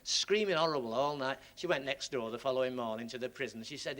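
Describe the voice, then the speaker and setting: A man's voice: mid-range voice, fast talker, hardly any pauses, a bit bright. A male stand-up comedian, telling meandering jokes and chuckling at them.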